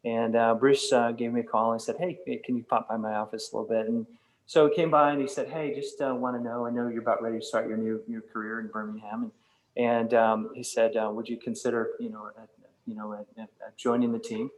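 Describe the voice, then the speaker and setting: A middle-aged man speaks to a church fellowship group in a relaxed, unscripted way. His voice sits at an ordinary mid pitch, and he often stops to restart his sentences with "um" and "uh". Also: a little fast, poor audio. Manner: conversational, many fillers and restarts. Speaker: guest speaker from a nonprofit campus.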